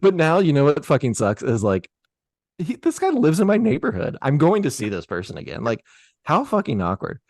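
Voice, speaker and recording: A man telling a story on a podcast in a casual, animated, profane way. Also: on the high side, brisk, no room sound, studio quality.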